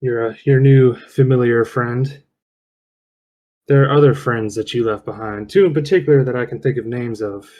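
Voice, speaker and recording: A man's voice: mid-range voice, moderate pace, mellow, poor audio. A man playing a tabletop role-playing game, talking casually, thinking aloud and swearing when things go wrong.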